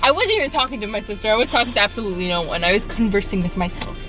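A woman's voice: medium pitch, expressive, very fast, music in the background. A young woman in a parked car, playfully teasing and pranking her boyfriend with a giggly, mischievous manner. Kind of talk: casual prank vlog chat.

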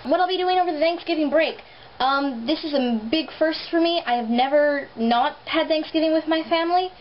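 Young woman vlogger, slight lisp, animated sarcastic chat, cheap camera mic, muffled audio. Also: fairly high pitch. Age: young adult. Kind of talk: casual vlog chat. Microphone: built-in camera mic. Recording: dull lo-fi camera audio, faint hiss.

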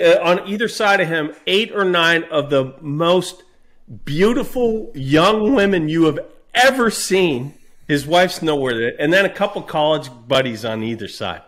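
A man co-hosting a podcast, telling stories in casual chat in an animated way. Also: sits high. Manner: animated, acts out voices in anecdotes. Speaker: podcast co-host.

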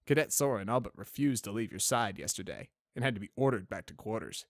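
A man's voice: lowish voice, animated, fast, gravelly, dry recording. A man doing a dry, formal stallion army doctor. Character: male pony army doctor, dry and brisk.

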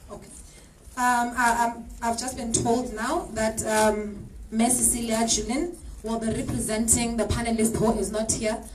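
A woman's voice: on the high side, little pitch movement, measured pace. A woman moderating a panel discussion, hesitant with many fillers. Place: exhibition hall. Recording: distant mic, clear background noise.

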